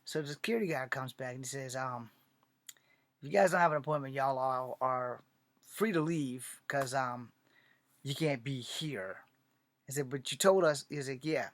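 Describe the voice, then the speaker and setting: A man's voice: medium pitch, normal speed, dry recording. A man from Virginia telling a long personal story in a casual monologue, swearing often and acting out other people's lines. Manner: profane, animated, acts out quoted dialogue. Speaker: aspiring filmmaker telling his story.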